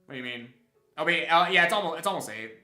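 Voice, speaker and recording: A man's voice: fairly high pitch, expressive, fast talker, bright, forceful tone, faint music behind. A young man streaming a game, chatting casually and rambling with many restarts and chuckles. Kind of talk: casual live-stream chat while gaming. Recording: roomy echo.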